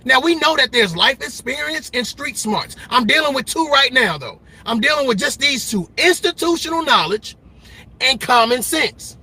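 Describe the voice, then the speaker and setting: Middle-aged man, bright husky voice, fiery vlog commentator who hammers points home. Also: very high-pitched, lively intonation, normal speed. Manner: emphatic, repetitive, preacher-like cadence. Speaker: commentary vlogger. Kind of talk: passionate commentary monologue.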